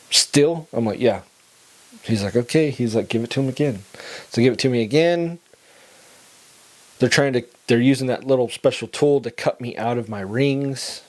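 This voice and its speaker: A young man tells his story in a relaxed, conversational way, laughing between lines. In the heavy moments his voice drops low and quiet. His pitch sits in a normal middle range for a man. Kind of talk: casual personal storytelling.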